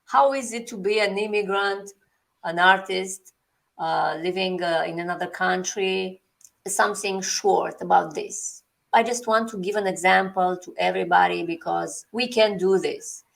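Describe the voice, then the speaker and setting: A woman's voice: mid-range voice, a little slow, creaky. A woman hosting an interview, asking questions in an earnest, encouraging way. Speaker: interview host. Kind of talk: conversational interview.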